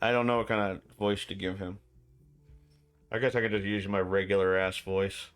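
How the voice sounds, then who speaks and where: Bright-voiced joking streamer man. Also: low-pitched, flat delivery, normal speed, clean tone, faint music behind. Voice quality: chatty, joking, reads game lines aloud. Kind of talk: casual playthrough commentary.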